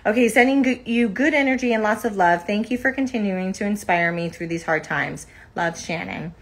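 Speaking at a moderate pace in a mid-range voice, a weary woman in her forties, an actress, reads fan cards aloud during a casual phone livestream. She's in a room with couches at home, thanking her fans and saying "like" a lot.

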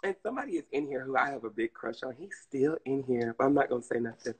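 A man's voice: mid-range voice, lively intonation, fast talker, husky, rough recording. A man with a Southern US accent chatting casually on a live stream, addressing viewers and reading chat. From Southern United States.

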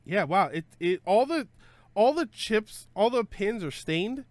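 A man with a slightly raised pitch chats casually on a live stream, rambling and joking as he thinks aloud. He trips over his words, restarts sentences and fills gaps with "uh" and "um". The sound is dry and close, with no room around it. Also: very animated, a little slow, dry recording. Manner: self-correcting with frequent fillers. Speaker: streamer host.

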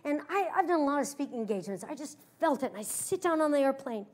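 A woman giving a sermon as a guest preacher, telling stories with animated emphasis that swings from hushed to loud. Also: sits high, fast. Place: church service.

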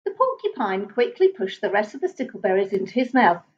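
A woman reading a children's picture book aloud in a gentle, expressive way. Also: mid-range voice, brisk, highs cut off. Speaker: storybook reader.

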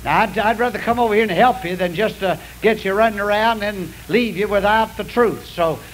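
High-voiced older preacher on tape. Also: male voice, brisk, rough recording. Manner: folksy, emphatic preaching with repetitions. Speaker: pastor. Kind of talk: sermon. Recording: faint noise, old sermon tape.

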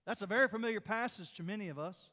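A man with a Southern American accent, preaching a sermon as pastor in a folksy, animated way and reading scripture dramatically. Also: high voice, fast talker. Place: church sanctuary. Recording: long hall reverb in church.

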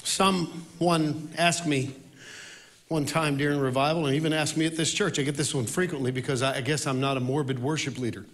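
Bright, animated male worship leader preaching. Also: a little high, fairly quick. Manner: animated, swings between loud outbursts and quiet reflection. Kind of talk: storytelling sermon.

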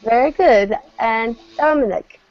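A woman from China teaching a language lesson online, patient and clear, repeating words slowly for her learners. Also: fairly high pitch, no room sound, faint music behind. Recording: dull lo-fi video call audio.

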